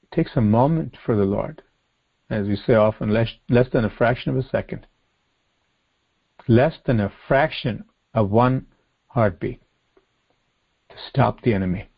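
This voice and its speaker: A man preaching a sermon, reading scripture aloud and explaining it earnestly, slowing down and repeating phrases for emphasis. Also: mid-range voice, gravelly, slightly rough, muffled recording. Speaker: pastor. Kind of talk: sermon, expository Bible teaching.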